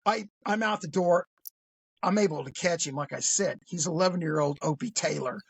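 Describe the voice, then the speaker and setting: A man's voice: fairly high pitch, moderate pace, slightly rough, no echo. A man telling a crime story in a casual, blunt, profane way.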